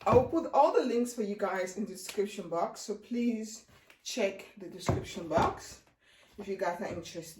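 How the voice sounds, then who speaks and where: A woman in her thirties chatting excitedly and rambling in a casual try-on haul vlog at home. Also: medium pitch, slight background noise. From Netherlands. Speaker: beauty vlogger. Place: home room. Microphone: camera set down, handheld mic removed.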